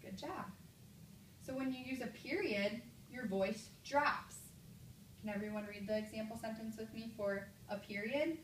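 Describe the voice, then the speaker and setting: Woman teacher in an echoey classroom. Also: a little high. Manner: clear, encouraging teacher prompts, slow exaggerated read-aloud examples. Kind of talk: classroom mini lesson. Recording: echoey room from a distance, light noise.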